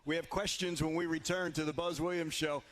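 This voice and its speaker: Brisk man hosting a radio show. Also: on the high side, fairly even intonation, a bit bright, slight background noise. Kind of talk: radio hosting, reading listener messages. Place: live broadcast from a barbecue restaurant.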